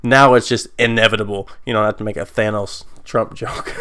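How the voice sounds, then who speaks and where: A man hosting his own channel, chatting casually and excitedly, rambling and laughing often. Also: mid-range voice, fairly quick, few pauses, clean tone. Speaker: commentary channel host. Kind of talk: casual vlog chat.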